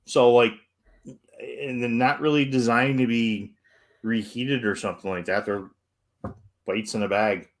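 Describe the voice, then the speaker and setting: A man's voice: mid-range voice, steady tone, a little slow, pauses often. A man co-hosting a show in casual chat, reading out viewer messages in an easygoing, rambling way. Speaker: co-host.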